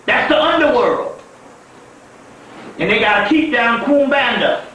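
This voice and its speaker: A male spiritual teacher delivers a profane, emphatic storytelling lecture and breaks into laughter often. His voice sits very high for a man. It is captured from a distance in a heavily echoing room, with a light hiss of noise underneath. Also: moderate pace, bright, forceful tone. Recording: echoey room from far off, faint noise.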